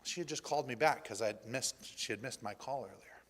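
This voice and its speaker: A male pastor giving a personal testimony in a church, telling his story in an animated way and acting out the dialogue. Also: medium pitch, brisk, slightly rough. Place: church sanctuary. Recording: reverberant church hall.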